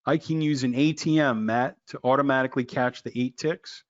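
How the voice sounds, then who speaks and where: A man teaching a trading lesson in an excitable, loud, jokey way, quizzing his listeners by name. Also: medium pitch, fairly quick, muffled recording. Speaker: trading educator. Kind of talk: animated screen-share trading lesson.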